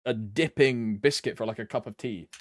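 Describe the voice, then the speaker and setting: A man's voice: mid-range voice, normal speed, dry recording, studio quality. A young British man streaming a game, chatting loosely with viewers, rambling and swearing casually. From Britain. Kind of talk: casual live-stream chat.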